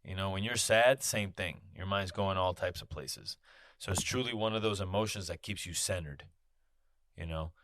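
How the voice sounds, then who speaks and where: A man's voice: low-pitched, normal speed, fairly bright tone, a little hiss or hum. A man hosting his own podcast, talking in a candid casual monologue, swearing freely and peppering his talk with "you know". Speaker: podcast host. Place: podcast studio.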